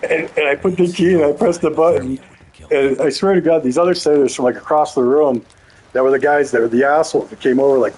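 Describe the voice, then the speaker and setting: A man's voice: fairly high pitch, moderate pace, a little mellow, husky, poor audio. A man streaming a game, telling a rambling, profane story in a casual way. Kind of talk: casual storytelling while gaming.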